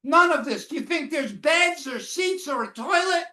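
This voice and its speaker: A woman giving a first-person survival testimony to students, speaking slowly and solemnly and often asking the audience questions. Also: high voice, lively intonation, sharp tone. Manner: slow, solemn storytelling. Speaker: Holocaust educator speaking to students. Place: classroom or lecture hall. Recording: echoey room, mic far off.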